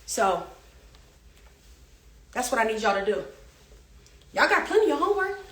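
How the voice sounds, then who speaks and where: High-voiced woman preaching real estate motivation. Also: big pitch swings, moderate pace, slightly rough. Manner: preachy, emphatic, repetitive call-and-response. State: getting out of breath. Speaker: real estate coach and agency owner. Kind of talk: motivational livestream talk.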